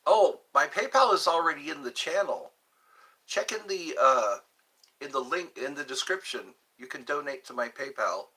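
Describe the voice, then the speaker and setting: A man hosting a casual livestream, reading viewer comments aloud and answering them in a slow, drawn-out, jokey way, often repeating his phrases. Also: fairly high pitch, expressive, bright, forceful tone, slightly rough. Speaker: livestream host.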